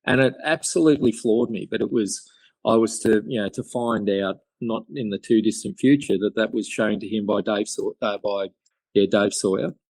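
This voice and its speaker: Aussie bloke, low voice, rambly storytelling, dry close mic, lots of ums. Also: male voice, normal speed, vocal fry, a little mellow, dry recording. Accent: Australian. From Australia. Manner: rambling, many fillers and restarts. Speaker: guest chairmaker. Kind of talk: podcast interview storytelling.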